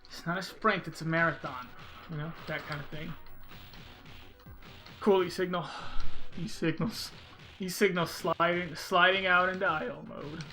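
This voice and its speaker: A man's voice: on the high side, fairly even intonation, measured pace, pauses often, bright, forceful tone, soft background music, low-quality recording. A man streaming a video game and chatting casually, rambling and reading viewers' messages aloud. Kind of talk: casual gameplay commentary.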